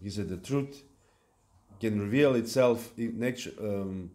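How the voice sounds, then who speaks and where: Low-voiced man giving a halting devotional lecture. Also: warm tone. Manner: halting, with fillers and restarts. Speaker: lecturer at a temple. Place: temple hall.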